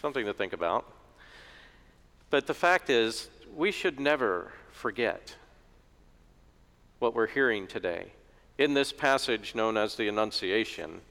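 A man's voice: lowish voice, expressive, unhurried, gravelly, long pauses, a bit bright. A middle-aged man preaching a sermon in a joking, conversational way, in a church. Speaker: pastor. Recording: echoey church reverb.

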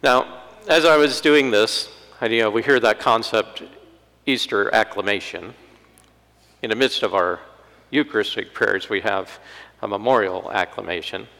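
A man's voice: on the low side, normal speed, pushed and bright, big-room sound, rough recording. A man preaching a conversational sermon in a church, with wry asides and acted-out quotes.

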